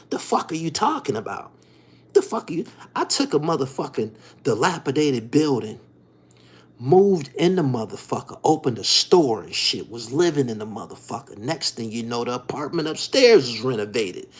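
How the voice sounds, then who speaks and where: Husky male host, animated swooping delivery, heated and profane monologue. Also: mid-range voice, moderate pace. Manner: profane, repetitive, heated, keeps asking "you dig". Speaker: podcast host. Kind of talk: ranting monologue.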